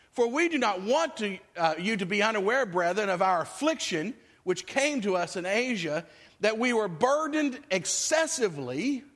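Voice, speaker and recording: Pastor guy with a really high voice preaching, chatty, acts out little quotes. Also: a bit bright. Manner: conversational preaching with acted-out quotes. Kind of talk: sermon.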